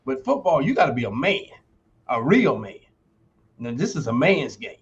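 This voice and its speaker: A man's voice: mid-range voice, very animated, moderate pace. Emphatic man in his sixties, dull audio. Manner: emphatic, motivational, folksy. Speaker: guest, retired football player and university lecturer. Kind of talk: podcast interview storytelling.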